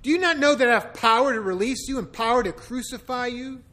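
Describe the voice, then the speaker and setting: A man's voice: very high-pitched, brisk, bright, forceful tone, voice pushed up. A man reading aloud who voices an uneasy male Roman governor, pressing questions on a prisoner in an insistent way. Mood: questioning.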